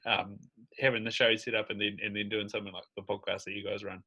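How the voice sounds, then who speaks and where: A man's voice: on the low side, level tone, fast, bright, forceful tone, husky. A man hosting a podcast, asking easygoing questions and laughing often. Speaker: podcast host. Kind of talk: casual interview chat.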